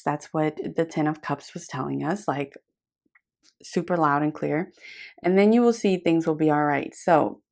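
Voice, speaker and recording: A young woman giving a gentle, affectionate tarot reading straight to the viewer, rambling warmly with fillers and calling the listener "my love". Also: lowish voice, clean tone. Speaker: tarot reader. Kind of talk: intimate tarot reading to camera.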